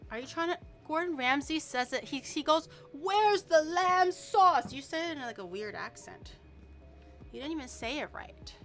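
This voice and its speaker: A woman's voice: high voice, expressive, brisk, a bit bright, soft background music. A young woman chatting casually while cooking on her stream, explaining each step and swearing now and then.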